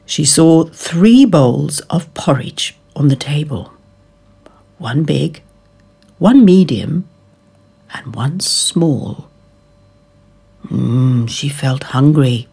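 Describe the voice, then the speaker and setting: A woman reading a children's storybook aloud, slowly and expressively. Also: low-pitched, creaky, breathy edge. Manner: expressive, slow and drawn out.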